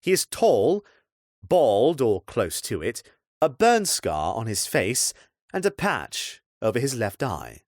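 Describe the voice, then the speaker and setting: A man's voice: mid-range voice, wildly swooping pitch, slow pace, darkish tone, no room sound, studio quality, pitched above the performer's own voice. A man voicing a determined young templar who asks intent, earnest questions.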